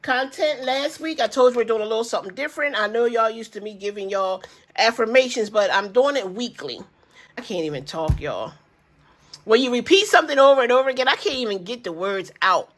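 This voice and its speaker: Woman, older, grandmother, budgeting vlogger, easygoing chatty rambler, slightly high voice. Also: lively intonation, brisk, fairly bright tone. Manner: chatty, rambling, addresses viewers as y'all. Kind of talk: casual chat to viewers.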